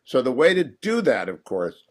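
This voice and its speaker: A man's voice: mid-range voice, sing-song, moderate pace. A man hosting a radio talk show from a hotel room, goofy and rambling with jet lag.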